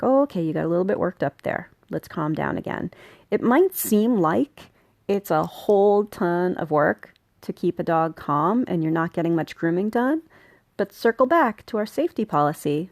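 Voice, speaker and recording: A woman's voice: lowish voice, darkish tone, no echo, studio quality. A woman hosting a podcast on dog grooming and training, talking in a chatty, friendly way and laughing now and then. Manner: friendly, chatty, laughs often, acts out dogs' thoughts. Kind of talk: casual instructional podcast talk.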